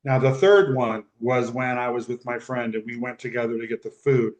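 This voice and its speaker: Animated man retelling a story. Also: mid-range voice, moderate pace. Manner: animated storyteller who acts out quoted speech. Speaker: podcast guest. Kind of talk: storytelling in casual conversation.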